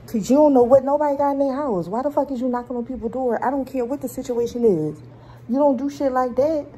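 A woman's voice: high-pitched, brisk, warm tone, slight background noise, rough recording. A young woman vlogging from home, ranting profanely and acting out quoted dialogue as she retells a run-in at her door. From Philadelphia. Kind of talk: angry storytime rant. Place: at home indoors.

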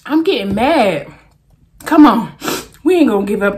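Animated woman vlogger, lively swooping voice. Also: a little high, normal speed, pauses often. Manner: animated, exclaiming and chanting to the wheel. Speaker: food challenge vlogger. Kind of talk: casual talk to camera while eating.

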